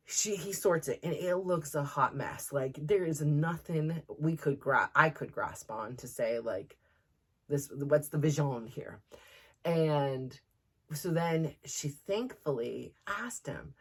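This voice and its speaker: A woman's voice: deep voice, lively intonation, measured pace, breathy edge. A middle-aged woman hosting a podcast, chatting casually and rambling with many fillers and restarts. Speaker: podcast host. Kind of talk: casual chat.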